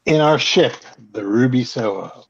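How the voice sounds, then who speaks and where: A man's voice: medium pitch, lively intonation, unhurried, gravelly, husky, lo-fi sound. A man playing a tabletop game, making joking asides. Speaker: player. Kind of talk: casual tabletop play.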